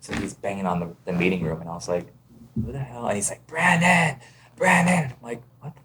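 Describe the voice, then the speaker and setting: Speaking fast in a low voice, an Ontario man on a podcast shares casual anecdotes and animatedly voices the other characters. There's a little hiss or hum in the audio.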